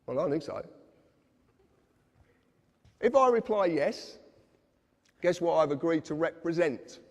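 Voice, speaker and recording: A man's voice: a little high, animated, a little slow, a little mellow. A man giving an earnest, insistent lecture to a live audience, speaking directly to his listeners. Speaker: public speaker. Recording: long reverb of a hall.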